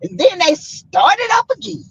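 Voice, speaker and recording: Animated Southern woman telling a story. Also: extremely high pitch, measured pace, vocal fry, no echo, dull audio. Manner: animated, dramatic, acts out quotes. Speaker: vlogger host. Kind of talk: casual storytelling chat.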